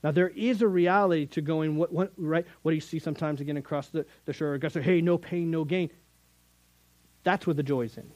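A man's voice: on the high side, steady tone, a little fast, a little mellow, no echo, low-quality recording. A middle-aged man preaching a sermon as a youth Bible teacher, earnest and conversational, with sudden emphatic rises.

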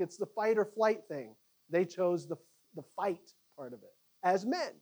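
Guy teaching a bible class, animated and chatty, keeps restarting his sentences. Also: high-pitched. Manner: animated, conversational, halting restarts. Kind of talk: Bible study teaching to a group.

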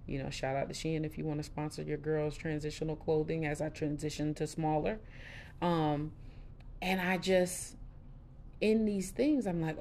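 A middle-aged woman hosting a podcast, telling her personal story candidly in a casual, expressive way with lively quoted asides. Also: low-pitched, moderate pace, slight background noise. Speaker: podcast host.

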